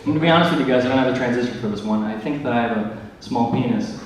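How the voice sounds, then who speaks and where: A young man doing a stand-up comedy set, delivering awkward deadpan one-liners full of filler words. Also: mid-range voice, rapid-fire. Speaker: stand-up comic. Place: large hall with live audience. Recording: echoey hall, distant mic, loud noise.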